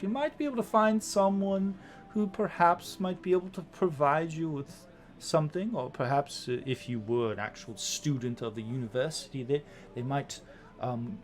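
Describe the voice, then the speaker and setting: A man's voice: mid-range voice, lightly acted. A man voicing a sly, polite male shopkeeper who hedges and stalls. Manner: hesitant, hedging, overly courteous.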